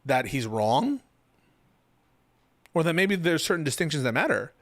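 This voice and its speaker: A man hosts a live political stream, chatting loosely with his audience, swearing and joking, before arguing points in a debate. His voice is a little high and very animated, at a moderate pace with no echo.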